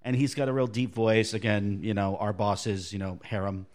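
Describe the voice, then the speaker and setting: A man's voice: lowish voice, level tone, moderate pace, darkish tone. A man co-hosting a podcast, telling stories in casual chat with frequent restarts. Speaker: podcast co-host.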